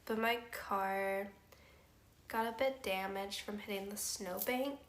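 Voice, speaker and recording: A young woman tells a casual story on stream, laughing easily and leaning on fillers. Her voice sits at a middle pitch. The room around her has a roomy echo. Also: slow pace, a little hiss or hum. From Canada. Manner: chatty, laughs often, filler-heavy. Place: house room.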